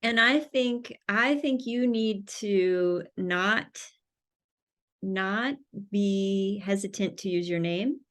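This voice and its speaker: A woman's voice: mid-range voice, slow. A woman, a life coach co-hosting a vlog, speaking in casual chat as a supportive listener. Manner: supportive listener with frequent affirming murmurs.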